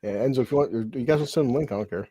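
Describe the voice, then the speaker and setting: A man's voice: mid-range voice, rapid-fire, warm tone, husky, no echo. A man hosting a casual watch-along podcast, rambling and swearing freely. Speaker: podcast host.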